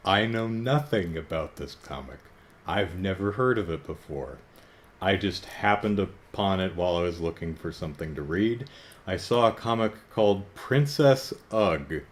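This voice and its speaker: A man's voice: low-pitched, expressive, unhurried. A man in his thirties talking casually in a wry, self-deprecating way, sometimes building up to exasperated emphasis. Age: 30s. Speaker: comic book reviewer. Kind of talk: casual vlog commentary.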